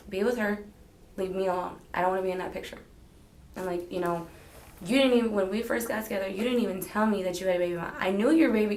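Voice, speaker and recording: A woman giving a rambling, hedging statement in a police interrogation, retelling conversations as she talks. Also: mid-range voice. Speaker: interrogation subject. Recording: echoey interrogation room.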